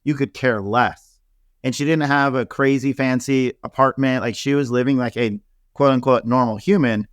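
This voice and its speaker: A man talking casually in an interview, telling stories in an animated way and full of fillers. His voice sits in a middle range. The recording is dry and close, with no room sound. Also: mid-range voice, normal speed, no room sound. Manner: animated, laughing storyteller with many fillers. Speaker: celebrity hairstylist guest.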